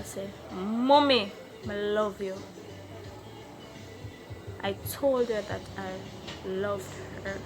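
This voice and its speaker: A woman telling a personal story on her vlog, speaking in a slow, halting, emotional way. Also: on the high side. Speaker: vlogger.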